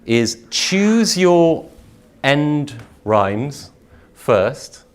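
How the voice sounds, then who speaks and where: A middle-aged man, a university English lecturer, leading a live poetry workshop in a chatty way with many restarts, slowing down to read verse aloud in a measured rhythm. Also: on the high side. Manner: lively, chatty, with frequent restarts and fillers; reads verse slowly and rhythmically. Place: conference workshop room.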